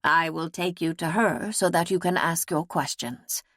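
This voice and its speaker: Woman playing a kindly, calm nun. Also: fairly low pitch, measured pace, no echo, studio quality. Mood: gentle, reassuring. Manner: calm, gentle, formal.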